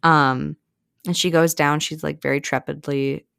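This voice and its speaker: A woman's voice: low-pitched, measured pace, vocal fry, smooth, dry recording, clean studio sound. A woman co-hosting a podcast, chattily retelling a novel's plot with lots of fillers. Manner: chatty, animated, many fillers. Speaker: podcast co-host. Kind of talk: casual book recap.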